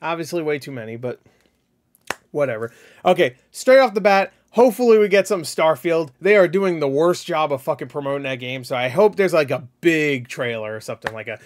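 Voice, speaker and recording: Rambling young man with a fairly high voice. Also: expressive, fairly quick, a little hiss or hum. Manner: rambling, loose, swears casually, many fillers. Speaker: gaming channel host. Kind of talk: casual solo predictions talk.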